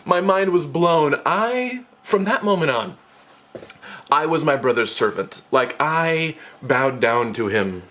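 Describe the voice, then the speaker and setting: A man's voice: on the high side, lively intonation, slow, fairly bright tone. A man, a former teacher, telling a story to camera in a chatty, self-deprecating, rambling way.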